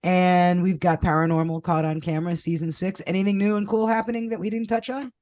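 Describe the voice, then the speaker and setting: A woman's voice: on the low side, steady tone, brisk, darkish tone. A woman hosting a casual interview podcast, chatty and playful, laughing often. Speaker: podcast host.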